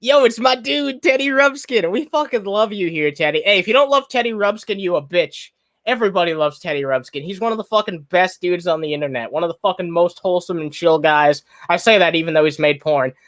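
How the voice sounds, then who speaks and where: A man's voice: fairly high pitch, fast, fairly bright tone. A man streaming live, giving blunt, profane commentary on a video and greeting viewers in the chat, sometimes talking with his mouth full. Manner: talks while eating.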